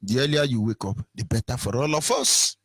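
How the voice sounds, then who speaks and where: A man with a Nigerian English accent, giving an impassioned political radio monologue, chanting lines over and over and swinging between shouting and mock whispers. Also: mid-range voice, fairly quick, no echo. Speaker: radio presenter.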